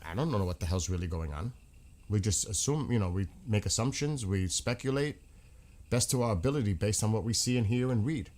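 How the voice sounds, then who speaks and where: Male streamer, low pitch, loose rambling chat with viewers, blunt and profane. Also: expressive, brisk, a little mellow. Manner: rambling, frank, swears freely. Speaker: livestream host. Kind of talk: casual livestream chat.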